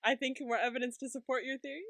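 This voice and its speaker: A woman's voice: high-pitched, steady tone, a bit bright, dry recording. Playful woman on a dry-sounding podcast. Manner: playful, quick reactions and jokes. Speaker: podcast co-host. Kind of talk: casual recap chat.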